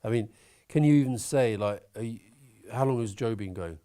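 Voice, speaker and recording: A man talking as an interview guest, opinionated and animated, swearing now and then. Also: lowish voice, normal speed. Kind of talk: conversational interview.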